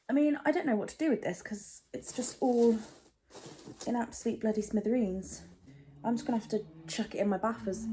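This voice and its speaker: A woman's voice: mid-range voice, dark tone, a little hiss or hum. A young British woman chatting casually through a product unboxing, rambling with lots of fillers and asides. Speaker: beauty vlogger.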